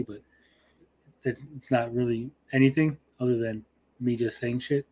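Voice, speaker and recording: A man's voice: medium pitch, normal speed. A man hosting a casual livestream, reading chat messages aloud in a blunt, joking way and swearing freely. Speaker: show host reading chat.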